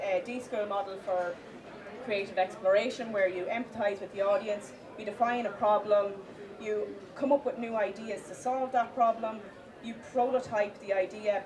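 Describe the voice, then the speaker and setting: A woman giving a live conference talk, with many fillers and restarts, stressing the points of a list slowly. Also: mid-range voice. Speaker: conference speaker. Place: conference hall with audience. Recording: distant mic, audience in hall.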